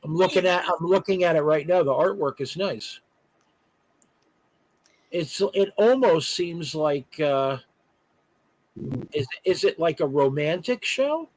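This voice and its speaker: Guest man, husky, a touch high, rambling chatty delivery with lots of fillers. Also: expressive, slow pace, pauses often, dry recording, poor audio. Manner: chatty, many "uh" fillers and restarts. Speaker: guest artist and voice actor. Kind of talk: casual interview chat. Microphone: remote live stream call.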